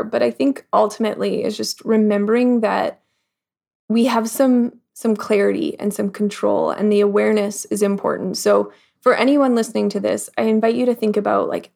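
Slightly high, gravelly woman guest. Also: brisk. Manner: reflective, acts out quoted thoughts in lively voices; frequent "like" fillers. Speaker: podcast guest. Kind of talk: casual interview chat.

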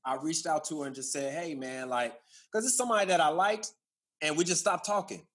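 A man's voice: a little high, brisk, a bit bright, husky. A man co-hosting a podcast, talking in a laid-back, reflective way and telling his own stories. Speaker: podcast co-host. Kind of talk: casual chat.

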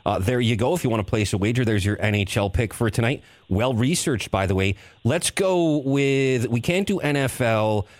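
A man's voice: mid-range voice, expressive, moderate pace, few pauses, no echo. A man hosting a sports radio show, upbeat and bantering as he plugs the show and steers the picks.

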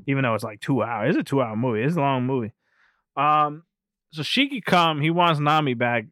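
A man's voice: medium pitch, expressive, a little fast, fairly bright tone, no echo, clean studio sound. A man co-hosting a podcast, recapping an anime film in casual chat. He rambles, swears freely, laughs often, and skims past details with "whatever.". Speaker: podcast co-host.

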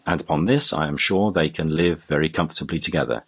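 A man with a low, husky voice reading the part of a generous, courtly baronet with a hearty, teasing manner. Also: fast, a bit bright, exaggerated voice. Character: genial, generous older baronet.

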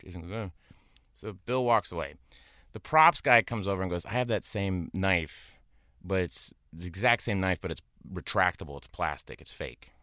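A man who works as an actor, guest in a casual conversation, telling lively anecdotes and laughing as he goes. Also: deep voice, normal speed, no room sound, studio quality. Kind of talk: casual chat.

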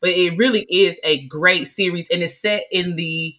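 Bright, animated woman co-hosting a podcast. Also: lowish voice, moderate pace. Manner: animated, swearing, loud exclamations. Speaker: podcast co-host. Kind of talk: casual chat.

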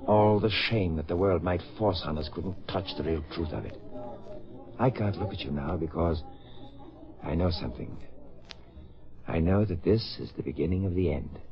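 A man's voice: sits low, moderate pace, long pauses. A man playing a devoted, anxious lover in earnest 1950s radio drama style. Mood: tender. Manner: earnest, lively, pleading delivery. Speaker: actor. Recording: dull vintage radio recording with faint noise.

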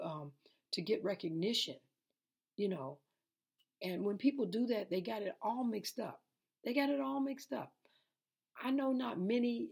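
A woman's voice: medium pitch, gravelly, a little mellow, breathy edge. A tired woman, preaching an informal lesson, repetitive and conversational. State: tired and sleepy. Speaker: preacher hosting an online Bible lesson. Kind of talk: informal sermon.

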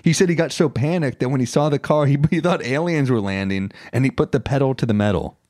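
A man co-hosting a casual chat, relaxed and easygoing, keen when he shares trivia. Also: medium pitch, quick pace, no room sound, clean studio sound. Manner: relaxed and easygoing, enthusiastic when reading out fun facts. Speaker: podcast co-host.

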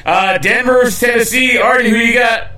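A man's voice: very high voice, fairly quick, sharp tone. A man hosting a live podcast, casually running through game picks and calling on his cohosts in a loose, joking way. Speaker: podcast host. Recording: echoey room, mic at a distance.

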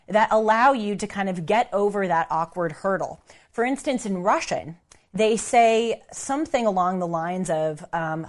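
An American woman hosting a casual talk to camera about travel and history, speaking in a chatty, conversational way with lively emphasis. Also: medium pitch. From United States. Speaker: host.

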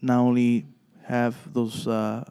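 A man with a warm, mellow voice tells stories from his paranormal investigation group in a chat. He stumbles through fillers and restarts, then slips into the voices of the people in his story. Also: mid-range voice, monotone, smooth. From Texas. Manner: halting, many fillers and restarts, acts out dialogue.

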